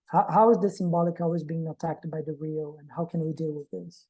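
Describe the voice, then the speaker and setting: A woman presents to a reading group in an academic manner. Her voice sits fairly low and sounds mellow and warm. She talks reflectively, often posing questions to the group. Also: fairly even intonation, a little fast, muffled recording. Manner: reflective, poses rhetorical questions.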